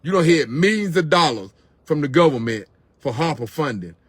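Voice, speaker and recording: A man's voice: on the high side, lively intonation, normal speed, slightly rough, dry recording. A middle-aged man, venting on camera in an impassioned, repetitive rant to his viewers. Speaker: vlogger.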